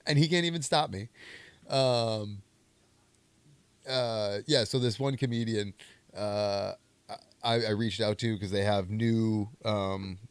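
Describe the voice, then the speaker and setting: A man's voice: fairly low pitch, clear, resonant tone, dry recording. A young man hosting a comedy movie podcast, rambling and joking in a self-mocking way. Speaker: podcast host. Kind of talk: casual movie commentary.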